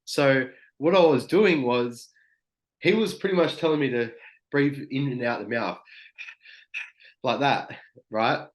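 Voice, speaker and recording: A young man speaks as a podcast guest in a loose, rambling way. He leans on "like" as filler and swears freely, at an ordinary middle pitch. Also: a little slow, long pauses. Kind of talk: casual podcast chat.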